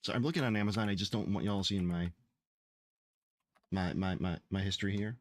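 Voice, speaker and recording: A man's voice: low voice, brisk, no room sound, studio quality. A man streaming his game development, chatting casually in a rambling, profane, exasperated way. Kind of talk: casual livestream chat.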